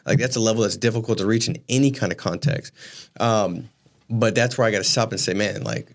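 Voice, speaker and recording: A man in his thirties co-hosting a podcast, telling stories in casual chat and jumping up in pitch to stress a point. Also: fast talker. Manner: animated storyteller, rises in pitch for emphasis. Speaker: podcast co-host.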